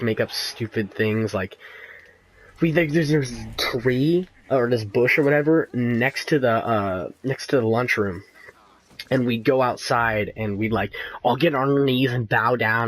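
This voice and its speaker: A man's voice: mid-range voice, rough recording. A teenage boy telling a rambling school story over gameplay, full of fillers and restarts. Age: teens. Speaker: gaming commentator.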